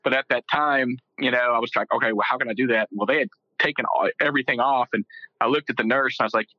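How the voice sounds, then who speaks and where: A man's voice: mid-range voice, fast talker, no room sound, muffled recording. A middle-aged man from Texas, a guest telling his story casually, rambling with fillers and joking.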